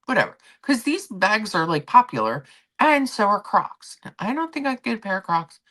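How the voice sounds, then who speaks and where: A woman's voice: medium pitch, sing-song, normal speed, fairly bright tone. A middle-aged woman hosting a casual stream, chatting and telling a story with acted-out quotes. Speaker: stream host. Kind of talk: casual chat.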